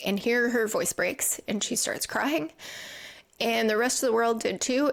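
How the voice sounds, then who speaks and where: A woman's voice: on the high side, unhurried, vocal fry. A woman hosting a podcast, narrating a scripted recap in an earnest, reflective storytelling manner. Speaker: podcast host. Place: lives in England.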